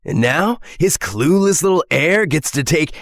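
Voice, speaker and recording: A woman voicing a smug young man who turns into a cold villain in an animated story, drawling and then menacing. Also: low-pitched, measured pace, no echo, clean studio sound, heavily acted.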